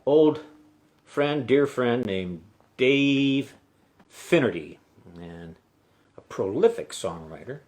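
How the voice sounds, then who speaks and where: A man's voice: medium pitch, big pitch swings, slow pace, pauses often, a little mellow. A middle-aged man casually telling a story between songs on his live stream, rambling with many halts and restarts. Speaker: musician hosting a live stream. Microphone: webcam stream mic.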